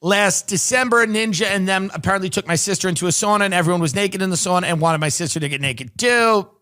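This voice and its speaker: A man's voice: sits high, fast, pushed and bright. A man hosting a podcast, reading news articles aloud and riffing on them with sardonic comedic commentary. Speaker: podcast host.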